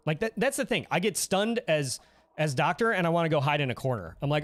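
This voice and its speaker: A man's voice: fairly high pitch, quick pace, no room sound. Goofy guy streaming, chatting with viewers, voice jumps all over, faint music behind. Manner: goofy, animated, reads chat aloud and laughs often. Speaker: livestream host. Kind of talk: casual livestream chat.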